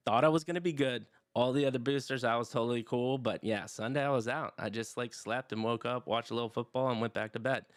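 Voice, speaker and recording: A middle-aged man hosting a podcast in casual, energetic chat, swearing freely. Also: medium pitch, quick pace, few pauses, no room sound, studio quality. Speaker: podcast host.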